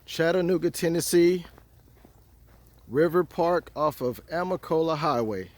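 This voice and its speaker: Fishing by a river in a snowstorm, a male vlogger chats to his viewers and pokes fun at himself in casual outdoor talk. His pitch is fairly high and he speaks a little slowly.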